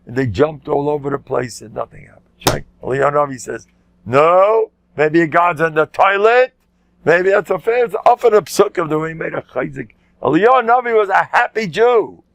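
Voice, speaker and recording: Older rabbi, gravelly joking lecture voice. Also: male voice, mid-range voice, dry recording. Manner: joking, animated, shouts out quotes, mixes Hebrew and Yiddish words. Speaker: rabbi giving a Torah class. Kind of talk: lively Torah lecture.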